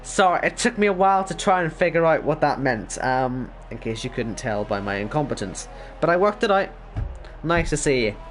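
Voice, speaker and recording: A man's voice: a little high, animated, moderate pace, slight background noise. A Northern Irish man casually commentating an online race league stream, rambling, joking at his own expense and reading out chat messages.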